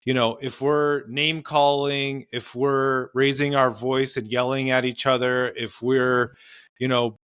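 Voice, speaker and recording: A man's voice: medium pitch, flat delivery, a little slow, fairly bright tone, smooth, no room sound, clean studio sound. A man, a marriage and family therapist, explaining in earnest conversational interview advice with frequent fillers. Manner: earnest, explanatory, many "you know" fillers.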